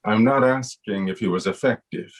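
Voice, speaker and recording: A man voicing a stern male official who questions a hunter in clipped, measured lines during a recorded voice-acting session. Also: fairly low pitch, voice pushed down, lightly acted, low-quality recording.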